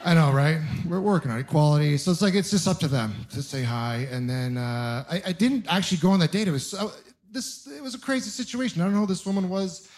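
Young man, stand-up comedy set, animated storytelling, slightly high voice, acts out dialogues. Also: quick pace. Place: comedy stage with a live audience.

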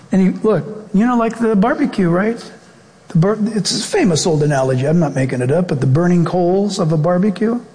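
Man, pastor, sermon, high voice, animated then solemn, reverberant church hall. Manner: animated preaching, quick bursts then slow solemn prayer. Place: church sanctuary.

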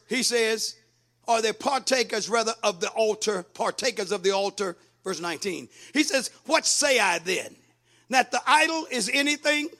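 A man preaching a sermon, reading and explaining scripture, building up to emphatic shouts. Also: very high voice. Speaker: pastor.

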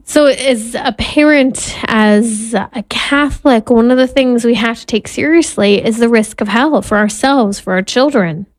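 Woman, 30s, Catholic mother giving a faith talk; earnest, self-deprecating, fairly high voice, dry recording. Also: a little slow, hardly any pauses, no room sound. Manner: earnest, candid, laughs at herself while telling family stories. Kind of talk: personal faith talk with storytelling.

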